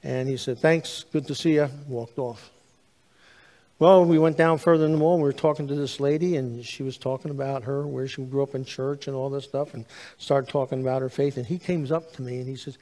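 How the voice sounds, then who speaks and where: A man, a pastor preaching a sermon, telling stories with lively acted-out dialogue. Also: medium pitch, a little fast. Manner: animated storytelling, acts out dialogue. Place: church sanctuary. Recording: long hall reverb.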